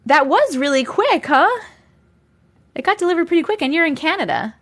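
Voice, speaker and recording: A woman's voice: sits high, lively intonation, brisk, fairly bright tone. A woman hosting a live stream, chatting casually with viewers, reading out their comments and laughing often. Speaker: livestream host reading viewer stories.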